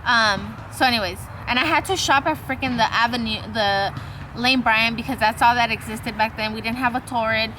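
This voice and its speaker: Over a noisy background, a young female vlogger with a fairly high voice and normal pace spins a long, meandering story from her life. She curses freely and performs the quoted lines of each person.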